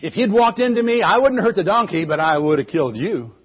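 A man playing a stern male angel, speaking quietly, calmly and firmly. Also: sits high, fairly quick, breathy edge, highs cut off, heavily acted. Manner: quiet, calm, firm.

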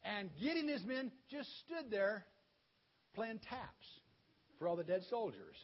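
A man's voice: high voice, very animated, measured pace. A man giving a children's story sermon as a pastor, telling it animatedly and inviting kids to join in. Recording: dull lo-fi sound.

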